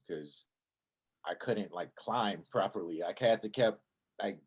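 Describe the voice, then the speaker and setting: Laid-back, low-voiced young man telling a story. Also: a little mellow, husky. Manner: laid-back, profane, recounts with quoted inner thoughts. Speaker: channel co-host. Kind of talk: casual storytelling chat.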